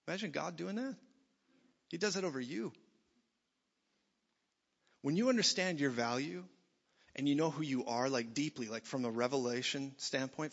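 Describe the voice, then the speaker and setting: A man preaching a sermon in a church, blunt and jokey, swinging from loud to soft. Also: medium pitch. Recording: dull sound in a reverberant hall.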